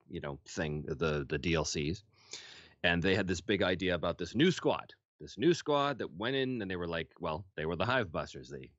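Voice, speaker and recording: A low-pitched man recalls his work as a voice actor in an easygoing, candid manner, now and then letting a swear slip. The sound is dry and close, but dull and lo-fi. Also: dry recording. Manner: relaxed, candid, casually profane. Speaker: voice actor guest. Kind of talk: interview storytelling.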